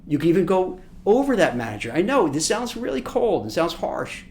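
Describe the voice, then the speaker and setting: A man's voice: sits high, fairly quick, a little hiss or hum. A man who works as a recruiter, giving casual career advice and acting out imagined conversations. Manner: animated, acts out imagined dialogue.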